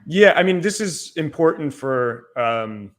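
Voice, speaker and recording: A man's voice: on the high side, lively intonation, measured pace, a bit bright. A young adult man from the Northeastern United States, a podcast guest explaining things in a loose, casual way full of "like".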